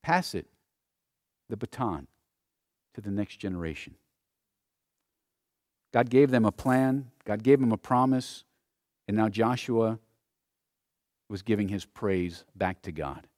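A man's voice: lowish voice, slow pace, long pauses, a little mellow, dry recording, studio quality. A male pastor preaching a sermon and reading Scripture aloud, building to emphatic, rising peaks.

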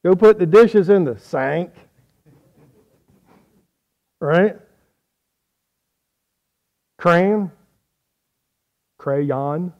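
A man's voice: high voice, extremely slow, long pauses, dark tone, lo-fi sound. Folksy preacher, man. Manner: folksy, joking, quizzing the audience. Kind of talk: sermon with audience questions.

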